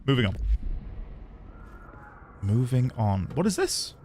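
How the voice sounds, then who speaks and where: A man commenting on his own gameplay on a live stream, thinking aloud and chatting with his viewers. His voice stays in a middle register but rises and falls with a lively, animated range. There is a faint hum of noise behind him. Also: medium pitch, slow pace. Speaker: streamer playing a video game.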